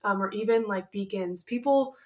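A woman in a casual faith conversation, speaking softly and rambling with many "um"s and "like"s. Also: mid-range voice, moderate pace. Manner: soft-spoken, rambling, many fillers.

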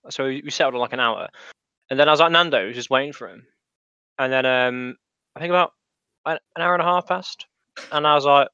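Brief: young male co-host, bright, clean voice, deadpan teasing, a slightly dull, dry recording. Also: medium pitch, fairly quick, pauses often, smooth, dry recording. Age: young adult. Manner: dry, teasing, hesitant with many ums. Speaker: podcast co-host. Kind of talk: casual chat.

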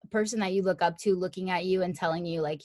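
A woman's voice: on the low side, steady tone, fast talker, warm tone, dry recording. A young woman talking in a reflective, earnest and chatty way in a casual conversation. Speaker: conversation partner. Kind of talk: casual chat.

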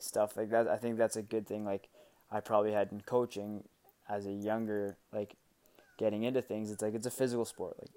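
A young adult man in casual chat, relaxed and leaning on "like" between thoughts. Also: on the low side. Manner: relaxed, leans on "like" fillers.

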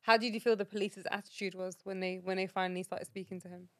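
A woman's voice: mid-range voice, steady tone, fast talker. A woman interviewing a guest in casual chat, chiming in with short remarks. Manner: brief supportive interjections.

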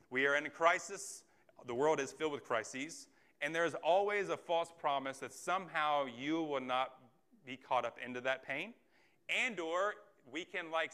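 A man's voice: mid-range voice, bright, forceful tone. A man preaching a sermon as a pastor, earnest and conversational, often asking the listeners rhetorical questions.

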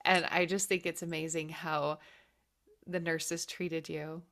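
A woman's voice: deep voice, level tone, slow, a crowd in the background. A woman hosting an interview, reacting to her guest's story in an emotional, effusive way. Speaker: host. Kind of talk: interview host responding.

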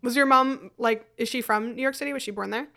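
A young woman hosting a podcast, chatty, playful and animated in casual conversation. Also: fairly high pitch, quick pace, creaky. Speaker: podcast host. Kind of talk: casual chat.

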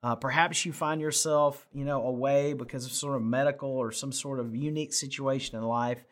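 A man's voice: mid-range voice, steady tone, a little fast. A man preaching a sermon, conversational and folksy, with fillers and rising emphasis. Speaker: pastor.

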